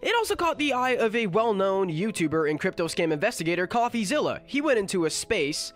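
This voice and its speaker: A man's voice: sits high, sing-song, fairly bright tone, faint music behind. A sick young man with a nasal voice, giving crude, sarcastic commentary as a channel host. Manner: sarcastic, crude, fast-cracking jokes. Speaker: commentary YouTuber. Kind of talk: mocking internet commentary.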